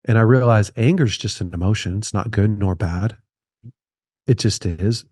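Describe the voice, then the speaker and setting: A man's voice: on the low side, expressive, normal speed, darkish tone, no room sound, clean studio sound. A man in his thirties, a podcast guest speaking earnestly and repeating key phrases for emphasis. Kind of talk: conversational podcast interview.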